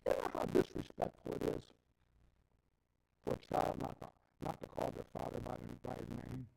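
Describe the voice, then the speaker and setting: Gravelly, wildly animated male preacher. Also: moderate pace, low-quality recording. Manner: dramatic, swinging between loud outbursts and low asides. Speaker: rabbi teaching scripture. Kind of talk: live-streamed preaching.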